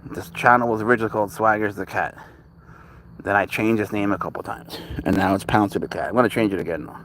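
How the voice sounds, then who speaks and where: A man who livestreams for a cat channel talks quickly in a lowish voice as he walks his leashed cat outdoors. Relaxed and rambling, he chats to his audience and his cat in turn. There's a faint hiss or hum.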